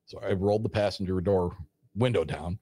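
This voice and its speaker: A man with a very low voice tells a personal story in a loose, rambling way, slipping into the voices of the people he quotes. The recording is dry and close to the mic, with no room sound. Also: a little fast, breathy edge, no echo. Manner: rambling, animated retelling with quoted dialogue. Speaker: storyteller guest. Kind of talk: casual spoken story.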